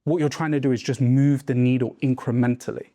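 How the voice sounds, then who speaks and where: A man's voice: medium pitch, fairly even intonation, fairly quick, dark tone, dry recording. Emphatic male sales coach, dry sound. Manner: emphatic, coaching, checks in with "right?" and "okay?". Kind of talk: mastermind teaching talk. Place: room with a group.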